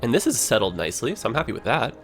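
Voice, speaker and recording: A man's voice: mid-range voice, big pitch swings, rapid-fire, faint music behind. A man with a Toronto Canadian accent, chatting casually over his gameplay as a livestreamer and filling his talk with "like" and "you know".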